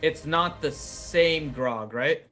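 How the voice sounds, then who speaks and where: A man with a high, bright voice talks through his turn in a tabletop game. He asks earnest questions and sometimes speaks in character, with faint music behind him. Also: takes it slowly. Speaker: player.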